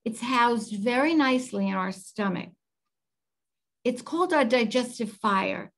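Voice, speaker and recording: A woman's voice: fairly high pitch, lively intonation, measured pace, rough recording. A middle-aged woman, a healthy chef, giving an earnest, effusive nutrition lecture over a video call, with many "um"s.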